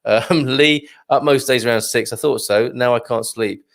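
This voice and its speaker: A man's voice: mid-range voice, moderate pace, vocal fry. A middle-aged man hosting a live morning stream, chatting casually through viewer comments and cracking corny dad jokes. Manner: chatty and jokey, tells corny dad jokes, chuckles often. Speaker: live show host reading viewer comments.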